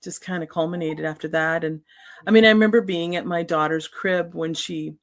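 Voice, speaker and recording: Middle-aged woman, halting and earnest. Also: fairly low pitch, fairly even intonation. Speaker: author guest. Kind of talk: candid personal storytelling.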